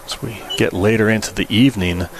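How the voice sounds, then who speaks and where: Excitable male baseball play-by-play announcer. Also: a little fast, a little hiss or hum. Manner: rises sharply in pitch and volume on big plays; drops to a low, relaxed tone for stats.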